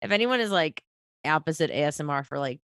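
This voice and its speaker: A woman's voice: low-pitched, animated, fast talker, fairly bright tone, dry recording, studio quality. A woman with a nasal, stuffy voice from a cold, chatting casually on a podcast, rambling, swearing and laughing. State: sick, nasal and coughing. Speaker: podcast co-host. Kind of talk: casual chat about astrology.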